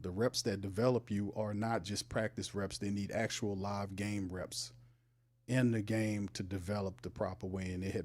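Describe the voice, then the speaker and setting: A man hosts a casual livestream sports show in a mid-range, slightly mellow voice. He talks loosely in slang, laughs often, and teases viewers in the chat.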